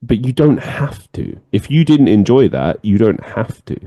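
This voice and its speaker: Speaking at a measured pace in a lowish voice, a man hosts a podcast, telling animated stories in casual talk laced with swearing and laughter. The studio-quality recording has no echo.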